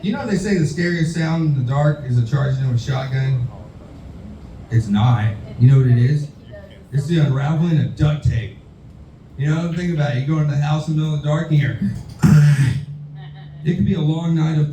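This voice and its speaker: Male stand-up comic, profane and rambling, slightly high, dark tone, roomy distant sound. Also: fairly quick, slight background noise. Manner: crude, profane, rambling storytelling. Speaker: stand-up comedian. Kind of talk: open-mic stand-up set. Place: saloon bar stage.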